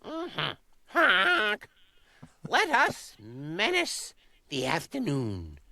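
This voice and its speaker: A man voicing a loud, gleefully mean male goose that honks and brags about menacing people. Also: high-pitched, huge pitch swings, drawn-out words, creaky, no echo, pitched above the performer's own voice, exaggerated voice. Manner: honking, gleefully mean, squealing laughs.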